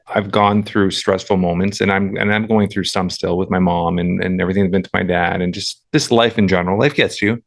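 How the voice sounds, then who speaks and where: A man's voice: lowish voice, creaky. A man hosting a podcast, talking in an earnest, reflective way and often restarting his sentences. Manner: earnest and reflective, with many repeated starts. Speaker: podcast host. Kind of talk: casual chat.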